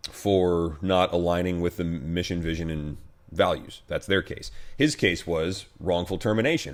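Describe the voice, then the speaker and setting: An American man, a pastor, talking casually to camera in a loose, wry way with plenty of fillers and restarts. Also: low-pitched. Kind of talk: casual video commentary.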